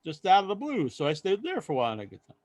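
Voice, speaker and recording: A man co-hosting a podcast, telling a long story in casual chat and acting out other people's lines loudly. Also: high voice, huge pitch swings, racing, no echo. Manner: rambling storyteller, acts out quoted voices loudly. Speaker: podcast co-host.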